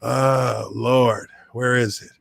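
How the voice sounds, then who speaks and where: A man's voice: medium pitch, slow, gravelly. A man hosting a podcast, casually telling a long story at his computer and animating the people in it. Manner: animated, acts out others' voices in quotes. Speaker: podcast host, former football lineman. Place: home studio at a computer.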